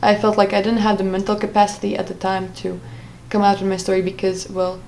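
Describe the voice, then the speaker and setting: A woman's voice: medium pitch, completely flat delivery, quick pace, gravelly, a little mellow, slight background noise, poor audio. A woman telling a personal story in a vlog, talking hesitantly with many fillers and restarts. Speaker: vlogger.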